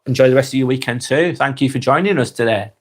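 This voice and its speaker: A man in his forties with a Northwest English accent, getting over a cold, reading out viewers' comments and chatting back in a relaxed, friendly way. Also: medium pitch, fast. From Northwest England. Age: 40s. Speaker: live stream host reading comments. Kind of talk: casual live chat.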